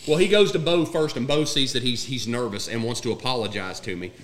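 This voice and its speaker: A man casually telling a profane story with friends, acting out the quotes in an animated way. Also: mid-range voice, brisk.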